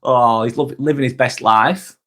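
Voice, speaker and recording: A man's voice: medium pitch, normal speed, fairly bright tone. A man with a Lancashire accent hosting a casual live stream, chatting with viewers, thanking them by name and calling people "mate". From Northwest England. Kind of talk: casual live-stream chat reading comments.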